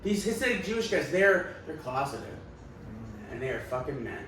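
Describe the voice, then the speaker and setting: A man with a fairly high voice trades frank, crude jokes in casual podcast banter, repeating lines for effect. He is set back from the microphone in a very echoey room with light noise. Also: big pitch swings, moderate pace, fairly bright tone, distant mic. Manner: frank, joking, repeats himself. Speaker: podcast co-host.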